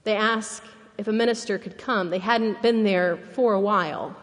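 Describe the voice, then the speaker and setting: A woman minister preaching a sermon, telling a story slowly and earnestly, dropping to a hushed, solemn tone. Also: mid-range voice, in a large hall. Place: church sanctuary.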